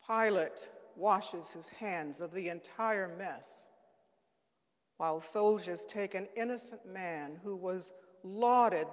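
A man giving a solemn, dramatic reading at a church service. He speaks gravely and deliberately and leans on key words. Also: sits high. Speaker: reader at a Good Friday service. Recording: long church reverb.

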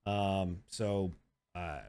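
A man's voice: low-pitched, level tone, extremely slow, a little mellow, clear, resonant tone. Hesitant male podcast host. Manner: hesitant, many ums, leads the segments. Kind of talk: casual chat.

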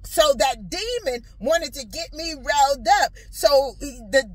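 A woman telling a personal story with preaching, dramatic and animated, acting out dialogue and repeating lines for emphasis. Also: sits high, slow pace, no echo. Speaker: vlogger.

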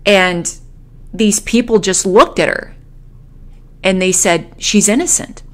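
A woman tarot reader telling a vision as a story, slowly and hesitantly, with many fillers and restarts. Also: mid-range voice.

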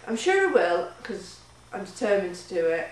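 A woman's voice: medium pitch, big pitch swings, moderate pace. A woman recording a casual video diary, chatty and emotional, rambling with fillers as she talks. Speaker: charity runner keeping a video diary. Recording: very echoey room, mic at a distance.

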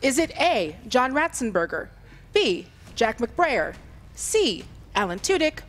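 Female quiz co-host, soft and calm, measured reads, high expressive voice. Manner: measured, deliberate question reading. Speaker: trivia show co-host reading questions. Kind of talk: reading trivia questions and countdowns.

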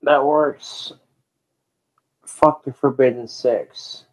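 Slow, profane ranting male streamer. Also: mid-range voice, steady tone. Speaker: livestreamer. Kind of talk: livestream rant.

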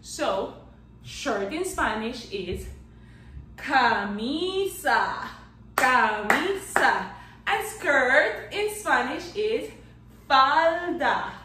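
Bright lively lady teaching little kids, slow and clear, roomy sound from a bit far off. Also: high voice, slight background noise. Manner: animated and playful, claps out syllables, counts down magic tricks. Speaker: Spanish teacher for children. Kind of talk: children's language lesson.

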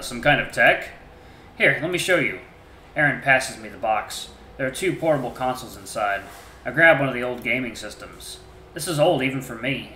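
Bright-voiced man narrating a story game. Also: medium pitch, a little hiss or hum. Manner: earnest, emotional reading with small restarts. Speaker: game streamer. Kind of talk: reading a visual novel aloud. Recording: roomy echo.

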